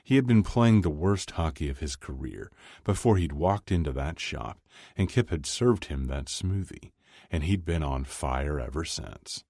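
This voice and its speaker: A man narrating an audiobook in an expressive storytelling manner. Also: rumbling low, a little slow, no room sound, clean studio sound.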